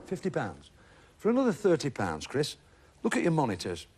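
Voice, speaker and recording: A man's voice: on the high side, wildly swooping pitch, brisk, a little mellow, slightly rough. A middle-aged man hosting a TV game show in a studio, jovial and teasing, chatting with contestants. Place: TV studio with audience.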